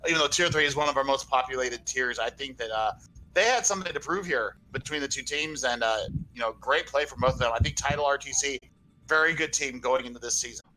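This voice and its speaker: A man giving live esports color commentary over an online call, out of breath, excitable and gushing with many fillers. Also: mid-range voice, quick pace, a little hiss or hum, rough recording.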